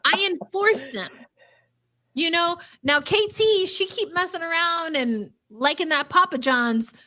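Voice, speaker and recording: Bright, high-pitched woman, animated. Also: measured pace. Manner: animated, emphatic, playful. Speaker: podcast co-host. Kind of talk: casual sports chat.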